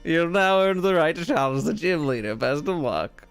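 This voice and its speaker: A chipper, welcoming gym staff member in a video game, all bright congratulations in a raised voice, as a man puts it on. There is a gravelly edge underneath, and faint game music behind. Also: lively intonation, normal speed. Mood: cheerful. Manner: bright congratulatory announcer read, raised pitch.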